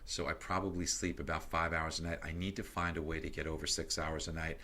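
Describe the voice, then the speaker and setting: A middle-aged man as a podcast guest, telling stories in a lively, animated way that grows loud and excited. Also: extremely low pitch, fairly quick, slight background noise. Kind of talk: casual interview storytelling.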